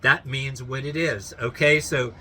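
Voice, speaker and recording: A man's voice: mid-range voice, steady tone, unhurried, pushed and bright, slight background noise. A man telling a long story in a rambling, casual way, full of restarts and fillers, often holding back a laugh.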